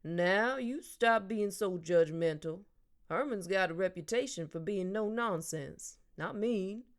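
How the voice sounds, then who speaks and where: A woman's voice: mid-range voice, unhurried, close to an everyday voice. A woman reading an audiobook, voicing a friendly older man who loves to tease and talks in an easy, joking drawl. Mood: easygoing.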